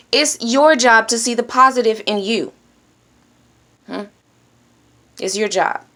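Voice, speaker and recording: A woman speaking straight to her audience in a motivational monologue, blunt and preachy, often pausing with a questioning "hmm?". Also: medium pitch, fairly bright tone. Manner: direct, preachy, adds "Hmm?" checks. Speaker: self-help speaker.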